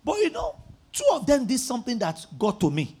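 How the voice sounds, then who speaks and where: A male pastor preaching a sermon, telling stories animatedly and rising to emphatic shouts. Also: very high-pitched, fairly quick, husky. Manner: animated storytelling, acting out phone conversations.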